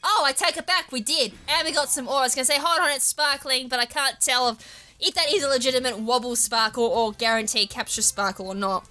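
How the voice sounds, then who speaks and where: Casual Australian woman gamer, tangent-prone commentary, bright tone, light music bed. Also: sits high, a little fast. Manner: chatty, rambling, goes off on tangents. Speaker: gaming YouTuber. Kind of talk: casual let's-play commentary.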